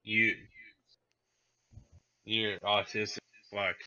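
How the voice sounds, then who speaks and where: Young man, low pitch, very sharp bright tone, taunting, dull lo-fi chat audio. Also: little pitch movement, extremely slow. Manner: taunting and insulting. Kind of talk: casual chat.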